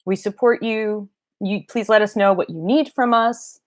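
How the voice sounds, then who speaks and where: A middle-aged woman talking casually on a livestream, rambling and halting, with many fillers and restarts. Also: mid-range voice, steady tone. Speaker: doll vlogger and parent. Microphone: livestream webcam mic.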